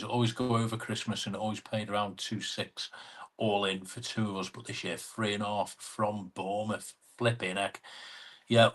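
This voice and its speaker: A man's voice: mid-range voice, a bit bright. A man with an English accent hosting a casual live stream, chatting in a matey way and reading out viewer comments.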